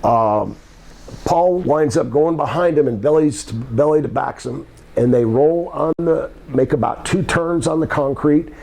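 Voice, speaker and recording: Gravelly older man rambling through a story. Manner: halting, many ums and restarts, climbs higher when excited. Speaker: guest telling old wrestling stories.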